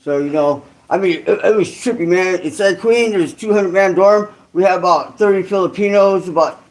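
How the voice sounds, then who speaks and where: A man's voice: high voice, moderate pace. A man from California telling a rambling story in casual, profane street slang.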